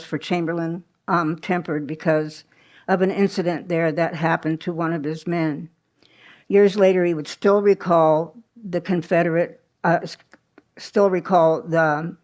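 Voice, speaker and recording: A woman presents a history program to a live audience at a small museum. Her voice sits on the lower side, and she tells the story conversationally, stopping for asides and little restarts. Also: darkish tone.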